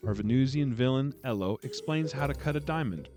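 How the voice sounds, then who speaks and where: Wry man hosting a quick book review. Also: medium pitch, a little mellow, faint music behind. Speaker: book reviewer, channel host. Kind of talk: scripted video review.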